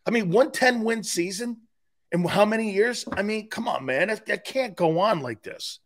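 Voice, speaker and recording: A former player and sports radio host in his fifties appears as a guest on a casual podcast interview. He speaks emphatically and animatedly, with loud outbursts, in a high-pitched voice at normal speed.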